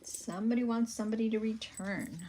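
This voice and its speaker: A woman giving a tarot reading, musing aloud in a slow, pausing way about what she senses. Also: fairly high pitch, very noisy. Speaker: tarot reader.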